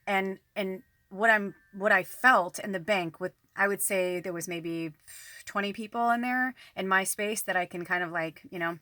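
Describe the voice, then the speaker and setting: Woman, psychic medium host, rambling candid vlog talk, bright voice, close to the camera, plenty of swearing. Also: mid-range voice, normal speed, dry recording. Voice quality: frequent swearing, rambling and emphatic. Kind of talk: candid casual monologue to camera. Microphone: camera close to the face.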